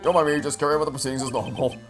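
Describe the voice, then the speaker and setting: A man's voice: mid-range voice, fairly even intonation, racing, music in the background, lightly acted. A man voicing a fussy, timid old male judge who speaks mildly and hesitantly. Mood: flustered. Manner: mild, hesitant.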